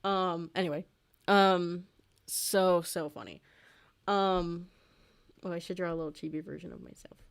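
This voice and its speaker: A woman's voice: lowish voice, steady tone, a little slow, gravelly, long pauses, clear, resonant tone. A woman in her twenties, chatting casually and rambling with lots of fillers while she draws on a livestream, easily amused. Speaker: streamer and artist.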